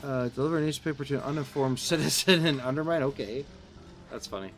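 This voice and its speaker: A man's voice: mid-range voice, quick pace. A man with a Midwestern American accent, a streamer chatting casually with viewers while playing, rambling and restarting his sentences. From Southern Illinois, USA. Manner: rambling, answers chat, restarts sentences often. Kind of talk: casual live-stream chat while gaming.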